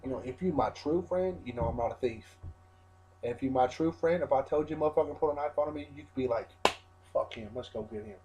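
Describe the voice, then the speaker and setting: A man's voice: on the high side, fast, warm tone, muffled recording, slight background noise. Profane, rambling man ranting defiantly. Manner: rambling, heavy swearing, defiant. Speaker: wrestler. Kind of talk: profane interview rant.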